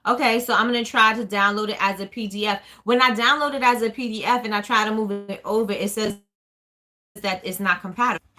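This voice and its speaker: Bright fast-talking New Jersey woman. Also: medium pitch. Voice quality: fast-talking, rambling with many ums. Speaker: small business owner hosting a live chat. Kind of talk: casual live chat answering viewers.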